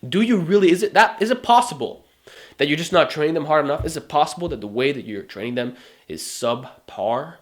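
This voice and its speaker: A man with a fairly high voice delivers a motivational fitness talk straight to camera. He drives his points home with emphatic rhetorical questions and pushes hard on each one. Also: expressive, fairly quick. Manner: emphatic, rhetorical questions, mocking put-on whines. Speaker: fitness YouTuber.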